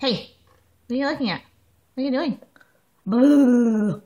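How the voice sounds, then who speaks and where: Playful mother in lively baby talk. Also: sits high, fast. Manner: playful sing-song baby talk, coaxing and teasing. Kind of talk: home video baby talk.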